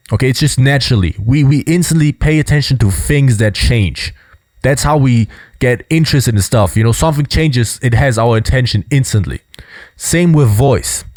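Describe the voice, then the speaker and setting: A man's voice: medium pitch, darkish tone, dry recording, clean studio sound. A young man giving casual, explanatory commentary on body language, peppering his points with "you know" and "right?".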